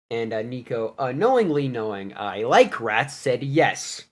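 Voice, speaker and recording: Animated young man recapping his game. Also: mid-range voice, unhurried. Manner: animated, laughing, goofy retelling. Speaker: player recapping a campaign. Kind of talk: casual storytelling recap.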